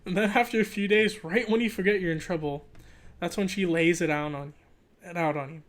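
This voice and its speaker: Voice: mid-range voice, brisk. Casual unpolished storybook reader. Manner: breaks off for joking asides and self-corrections. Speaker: channel host reading aloud. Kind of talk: casual, unedited read-aloud of a children's book.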